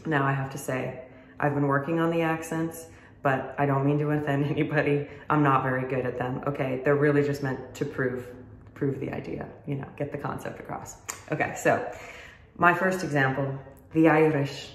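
A woman's voice: a bass voice, fairly even intonation, moderate pace. A woman fiddle teacher explaining styles in a friendly, casual, self-deprecating way. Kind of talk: casual instructional talk to camera. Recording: roomy echo.

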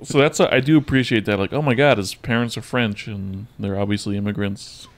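Male podcast co-host, lowish voice, dry short quips. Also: fairly quick. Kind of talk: casual movie discussion.

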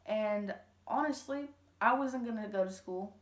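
A woman's voice: medium pitch, measured pace. Teen girl, casual storytelling vlog, rambling with fillers, roomy echoey room. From Louisiana, USA. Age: teens. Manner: chatty, rambling, lots of fillers and quoted dialogue. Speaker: vlogger. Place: home room. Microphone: camera.

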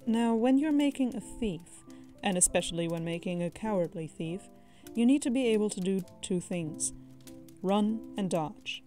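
A woman narrating a tabletop gaming story in a mid-pitched, mellow voice. She reads at a measured pace and leans on dramatic moments. Faint music runs beneath her. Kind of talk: reading a tabletop horror story aloud.

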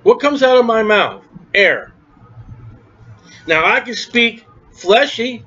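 A man preaching a forceful, emphatic sermon on scripture. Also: sits high, expressive, takes it slowly, slightly rough. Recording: dull lo-fi recording.

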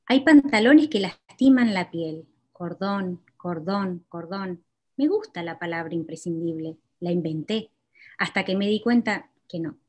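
A woman poet giving a poetry reading of her own work in a measured, deliberate way. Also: fairly low pitch, expressive, darkish tone.

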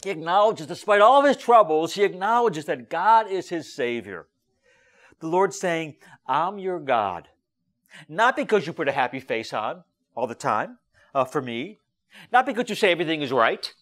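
Brief: male rabbi preaching to a congregation, high, animated delivery, emphatic with ums and restarts. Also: moderate pace. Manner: lively, emphatic preaching with frequent fillers and restarts. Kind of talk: sermon.

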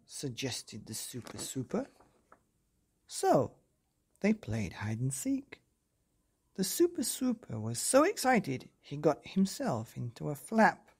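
A man reading a children's picture book aloud as a bedtime story host, gentle and expressive, with whispers and sound effects. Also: mid-range voice, slow, slightly rough.

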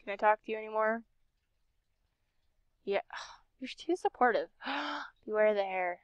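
A woman's voice: a little high, slow, no room sound, highs cut off. Chatty, sarcastic woman playing a game. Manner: chatty, sarcastic, talks to herself. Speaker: game streamer. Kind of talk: casual game commentary.

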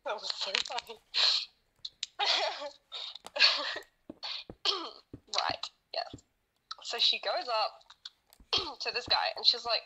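A woman's voice: fairly high pitch, animated, slow pace, pauses often, bright, forceful tone, a little hiss or hum, poor audio. A woman co-hosting a casual podcast, telling her story series in a rambling, sweary way with lots of laughing. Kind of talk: casual chat while gaming.

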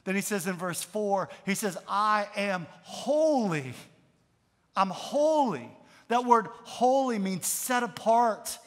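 Middle-aged pastor guy preaching, high voice, gets emphatic, big echoey church hall. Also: lively intonation, measured pace. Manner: builds from conversational storytelling to emphatic preaching; calls on the congregation to repeat lines. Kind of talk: sermon.

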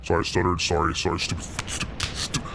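A young man playing a laid-back slacker God, joking deadpan and rambling while gaming. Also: sits low, fast talker, vocal fry, noisy background. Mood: casual. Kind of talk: improvised comedy while gaming.

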